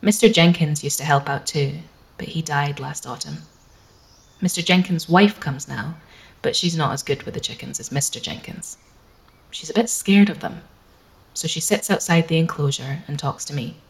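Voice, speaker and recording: Woman, very low voice, matter-of-fact storybook narration. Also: moderate pace, gravelly. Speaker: audiobook reader. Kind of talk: first-person storybook narration.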